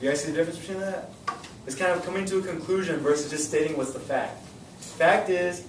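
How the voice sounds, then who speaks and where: Young male teacher, energetic classroom lesson, recorded far off in a noisy, roomy classroom. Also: on the high side, fast. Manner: energetic, repeats questions to students. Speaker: high school science teacher.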